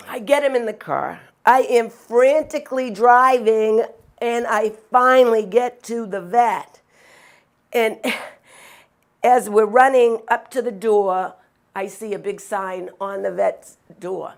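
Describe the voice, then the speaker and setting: Animated woman telling childhood stories. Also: mid-range voice, unhurried. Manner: animated, acts out sounds and quotes. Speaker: storyteller. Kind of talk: personal storytelling.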